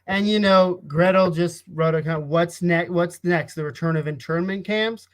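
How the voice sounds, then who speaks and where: A man's voice: high voice, moderate pace. A man co-hosting a casual political chat, thoughtful and hesitant, with many fillers. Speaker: co-host.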